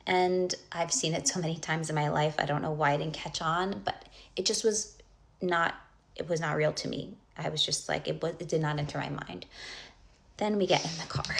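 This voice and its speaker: A young woman with a deep voice rambles through a casual storytime, piling on fillers and restarts. Her voice carries a noticeable vocal fry, and she keeps slipping into hushed whispers for asides. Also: fairly even intonation, normal speed.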